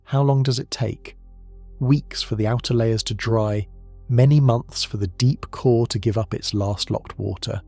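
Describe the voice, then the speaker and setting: A man giving slow, measured, grave scripted documentary narration about science, in short deliberate phrases. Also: medium pitch, darkish tone, faint music behind.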